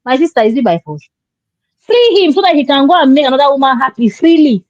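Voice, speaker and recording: Lady preaching marriage advice, storytelling, kinda high voice, muffled dry recording. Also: big pitch swings, fast talker, darkish tone, dry recording. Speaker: relationship show co-host. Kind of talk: opinionated advice talk. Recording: dull lo-fi sound.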